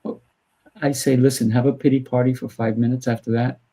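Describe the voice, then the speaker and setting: A man's voice: medium pitch, flat delivery, brisk, dark tone, low-quality recording. A man hosting an interview, talking in a firm coaching way and acting out little exchanges with kids. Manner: firm, coaching tone, acts out dialogue. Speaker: host and martial arts teacher. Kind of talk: casual interview chat.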